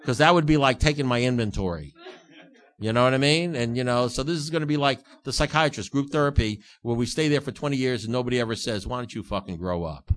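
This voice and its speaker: This is a storytelling talk at a recovery meeting, where a fast-talking man with a mid-range voice recounts his tales emphatically, repeating himself and poking fun at himself.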